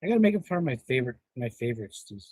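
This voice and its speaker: A man in his fifties hosting a casual livestream and reading the chat, excitable, laughing often and swearing freely. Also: mid-range voice, very fast, breathy edge, dry recording. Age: 50s.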